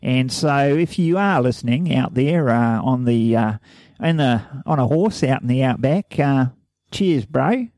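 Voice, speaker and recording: A man's voice: medium pitch, normal speed, hardly any pauses, darkish tone, no room sound. A man from New Zealand co-hosting a casual podcast, often laughing and rambling with restarts. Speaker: podcast co-host. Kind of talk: casual chat.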